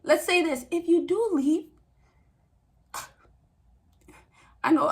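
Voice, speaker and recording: Young woman vlogger, high voice, preachy and emphatic, repeats points, chatty advice to camera. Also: extremely slow, creaky, pauses often, fairly bright tone. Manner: preachy, emphatic, repeats phrases, laughs often. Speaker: vlogger giving dating advice to men. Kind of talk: casual direct-to-camera advice talk.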